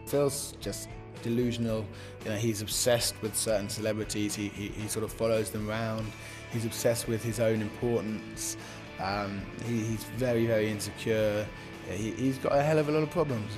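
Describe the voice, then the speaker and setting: A man, a professional poker player, speaking in an interview in a relaxed, boastful way and dismissing his rivals. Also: fairly low pitch, a little fast, few pauses, music in the background. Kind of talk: interview to camera.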